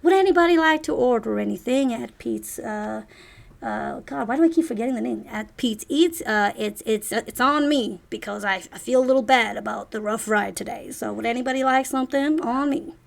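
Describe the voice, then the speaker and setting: A woman's voice: on the high side, brisk, vocal fry. A woman voicing a flirtatious male space taxi driver in a tabletop role-play game, charming and sweet-talking. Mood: friendly. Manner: charming, sweet-talking, calls people sugar.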